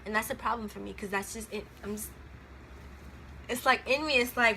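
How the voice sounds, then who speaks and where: A young woman in her twenties talks to the camera as if to a girlfriend, loose, slangy and rambling. Her voice is bright and a little high. Faint room noise sits behind her. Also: moderate pace, vocal fry. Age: 20s. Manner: chatty, rambling, laughs often, slangy. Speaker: vlogger. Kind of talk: casual chat to camera.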